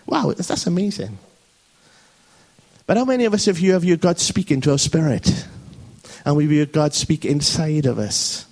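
A man preaching a sermon at a church service, lively and jokey, often asking his listeners "okay?". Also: a little high, moderate pace. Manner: lively, jokey, frequent "okay?" check-ins.

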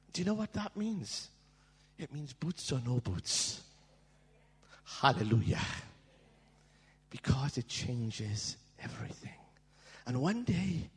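A man preaching a storytelling sermon in a church, dramatic and swinging from hushed tones to shouting. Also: mid-range voice, breathy edge. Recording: long hall reverb.

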